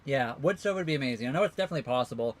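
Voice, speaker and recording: A man's voice: medium pitch, lively intonation, rapid-fire. A man co-hosting a casual livestream, rambling through answers to viewer questions. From Canada. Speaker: livestream co-host.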